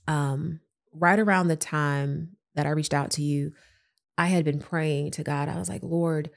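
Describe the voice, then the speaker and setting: A woman preacher speaking as a guest on a podcast. Her voice is low for a woman. She talks emphatically and encouragingly, and sometimes drops to a near whisper. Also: steady tone, measured pace, creaky. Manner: emphatic and encouraging, drops to a hush for quoted words. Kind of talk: encouraging conversation.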